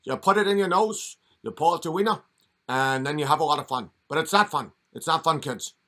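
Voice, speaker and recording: A man's voice: on the high side, fairly quick, sharp tone. A man doing a mocking impression of a preachy, creepy old male politician lecturing children in a sing-song voice.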